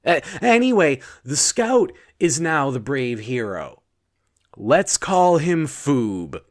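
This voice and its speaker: Guy making up a weird bedtime story, slow and rambly, kinda high voice, deadpan. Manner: rambling, self-interrupting, deadpan asides. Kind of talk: improvised comedic bedtime story.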